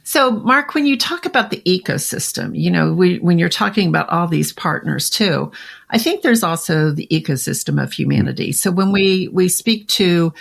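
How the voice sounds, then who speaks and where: A middle-aged woman hosts a conversational interview, setting up long questions and affirming her guest with frequent murmurs. Her voice is lower than usual and carries some vocal fry. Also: expressive, moderate pace. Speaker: podcast host.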